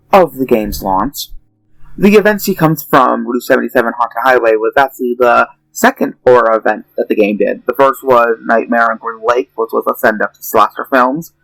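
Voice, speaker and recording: A man's voice: medium pitch, creaky, a bit bright, dry recording, poor audio. A man reading a character rundown in a dramatic, theatrical way with playful asides, then slipping into casual chat. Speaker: guest narrator.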